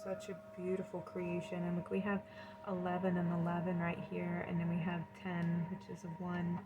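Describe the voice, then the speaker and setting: A woman giving a pick-a-card tarot reading in a gentle, soothing, emotional and effusive way. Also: lowish voice, monotone, moderate pace, background noise. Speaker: tarot reader.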